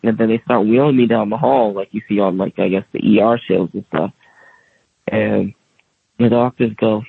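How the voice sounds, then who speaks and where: A man's voice: on the low side, brisk, gravelly, breathy edge, no echo. A man telling his own story in a casual way, acting out other people's voices as he goes. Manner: animated, acts out quoted voices. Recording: tinny phone-like radio audio.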